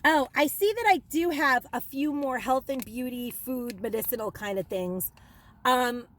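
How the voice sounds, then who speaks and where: Chatty high-voiced woman vlogger. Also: unhurried, a bit bright, slight background noise. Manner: rambling storyteller, lots of ums and likes. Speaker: haul vlogger. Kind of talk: casual chat.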